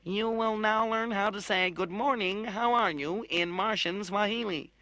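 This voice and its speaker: A man voicing a haughty, irritable little male robot in an audiobook, with a high, clear, almost musical tenor and a pompous, condescending manner. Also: unhurried, pushed and bright, no echo, heavily acted. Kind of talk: audiobook narration with character voices.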